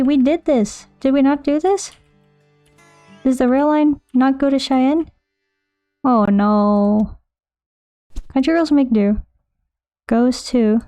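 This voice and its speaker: Mellow-voiced woman chatting while streaming. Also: a little high, no echo. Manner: rambling, chatty, thinks aloud and answers chat. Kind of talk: casual live-stream chat while playing.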